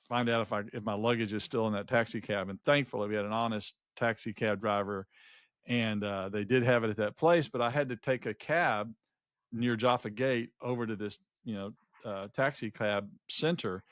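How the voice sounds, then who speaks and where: A middle-aged man co-hosting a podcast tells a personal travel anecdote in casual chat, his voice lowish and his speed normal. The recording is dry with clean studio sound. He rambles, restarts often, and brings quoted voices to life.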